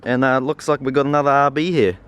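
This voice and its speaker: A man's voice: medium pitch, fairly even intonation, quick pace, a little hiss or hum. A man giving laid-back commentary on a car project vlog. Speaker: vlog narrator.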